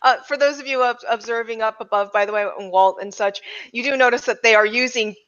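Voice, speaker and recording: A woman running a tabletop role-playing game as game master, narrating in a relaxed way with many fillers. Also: a little high, fast, clear, resonant tone, lo-fi sound.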